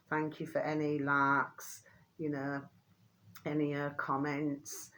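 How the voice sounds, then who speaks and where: A woman's voice: little pitch movement, moderate pace, a bit bright, slight background noise. A woman hosts a rambling vlog, talking straight to her viewers. She heaps endearments on them, swears mildly, and her voice rises sharply when she gets worked up. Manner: rambling, keeps calling viewers "my delicious little babies"; mild euphemistic swearing, pitch climbs when indignant. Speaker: channel host.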